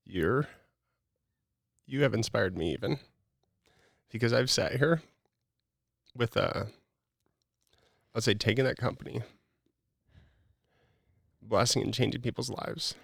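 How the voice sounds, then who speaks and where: A man's voice: mid-range voice, slow, creaky, pauses often, a bit bright, no echo, clean studio sound. A middle-aged man, a podcast guest, talking in an earnest, preachy, motivational way with many casual "like" fillers.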